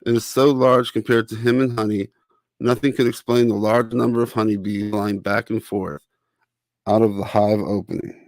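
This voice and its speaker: A man reads a children's picture book aloud in a steady, clear way. His voice is fairly low, and the recording is close and dry, with no room sound. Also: normal speed, no echo. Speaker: author and narrator.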